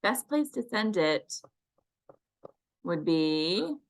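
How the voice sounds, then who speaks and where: A woman's voice: on the low side, sing-song, very slow. A woman co-hosting a podcast in casual chat, sounding encouraging and upbeat like a coach. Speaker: podcast co-host.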